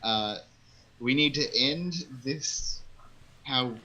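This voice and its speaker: Dry, deadpan man with a bright voice. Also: medium pitch, extremely slow, low-quality recording. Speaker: player. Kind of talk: casual chat on a live stream.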